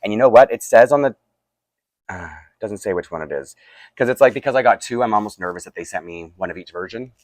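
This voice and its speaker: A man's voice: on the low side, lively intonation, fast, dry recording. A tired, groggy man, chatting casually and rambling with asides while unboxing toys for his vlog. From Canada. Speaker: toy collector vlogger.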